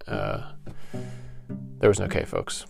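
A man's voice: low-pitched, sing-song, takes it slowly, creaky, darkish tone, soft background music. A man hosting a comedic podcast, rambling and stammering through his words, repeating himself as he goes. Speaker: podcast host.

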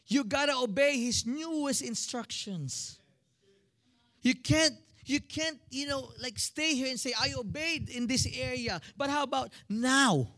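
A man in his thirties with a Filipino accent, preaching a sermon and calling out to his congregation. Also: very high voice. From Philippines. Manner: animated, calls out to the congregation. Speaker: pastor.

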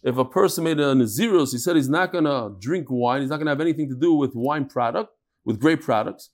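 A man's voice: mid-range voice, quick pace. A man teaching a text-study lecture in a classroom, emphatic and rhetorical, often repeating his phrases. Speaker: religious studies teacher.

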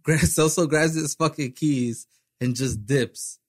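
A man's voice: a little high, slow, husky, no echo, studio quality. A man in casual chat, retelling a gig story and switching between English and Spanish, with plenty of swearing. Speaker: band member.

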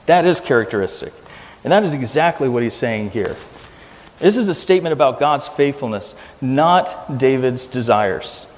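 A man's voice: mid-range voice, expressive, moderate pace. Pastor guy preaching, earnest, repeats lines for emphasis, long hall echo. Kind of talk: sermon.

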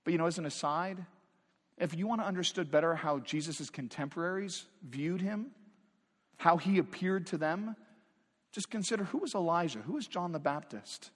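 A man's voice: a little high, lively intonation, moderate pace. A man preaching a sermon as pastor, talking in a conversational but emphatic way and asking the congregation rhetorical questions. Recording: long reverb of a large hall.

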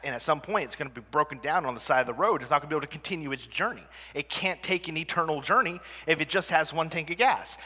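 A man with a bright, forceful and slightly high voice gives a presentation to a live audience. He talks in a conversational way and keeps checking in with his listeners through questions. His voice rings with the long reverb of a hall. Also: slightly rough.

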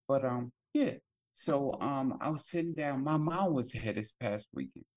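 A relaxed young man co-hosting a podcast sits back and tells a long story about his kids. His voice sits at an ordinary middle pitch. He scatters "um" and "like" through his speech and drops the odd swear word in a loose, chatty way. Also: unhurried. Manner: loose storytelling with many fillers and profanity. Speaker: podcast co-host. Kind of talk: casual chat.

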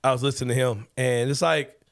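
A young man hosting a sports podcast, talking in a loose, joking, slang-heavy way with loud bursts of laughter. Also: mid-range voice, fairly even intonation, quick pace, vocal fry. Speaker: podcast host. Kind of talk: casual sports talk.

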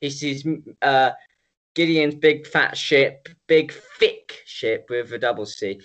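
A man's voice: mid-range voice, takes it slowly, fairly bright tone. Young guy from the uk rambling n joking on a podcast, sounds tired, swears a lot. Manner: jokey, rambling, swears, mock announcer bits. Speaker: podcast co-host. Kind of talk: casual chat.

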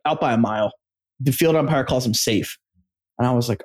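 Animated man telling a coaching story. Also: mid-range voice, fairly quick. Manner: animated storyteller, acts out quotes, swears freely. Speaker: podcast co-host. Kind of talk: casual sports podcast chat.

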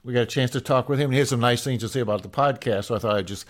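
An older man co-hosting a local podcast, chatting in an easygoing way with plenty of pauses and fillers. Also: medium pitch. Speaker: podcast co-host. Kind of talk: casual local podcast chat.

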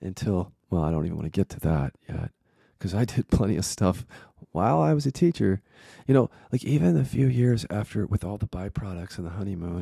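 Gravelly low-voiced man teacher. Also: moderate pace, dark tone, no echo, clean studio sound. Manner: candid and profane, reflective. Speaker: spiritual teacher. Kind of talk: personal storytelling monologue.

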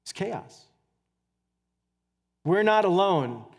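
A man pastor preaching a sermon in a conversational, animated way, with casual asides. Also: high-pitched, drawn-out words. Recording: church hall reverb.

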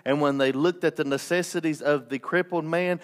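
A man's voice: on the high side, fairly even intonation, brisk. A man preaching a sermon as pastor, impassioned, with restarts and joking asides.

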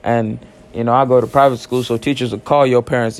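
A late-teen boy hosts a casual solo podcast, rambling and joking in heavy slang with plenty of cussing. His mid-range voice has little pitch movement and runs a little fast.

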